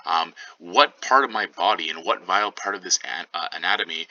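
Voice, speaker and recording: A man's voice: sits low, brisk, sharp tone, dull audio, exaggerated voice. A man voicing a young, lovesick, despairing hero, reading his lines dramatically and dipping into whispers. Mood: anguished.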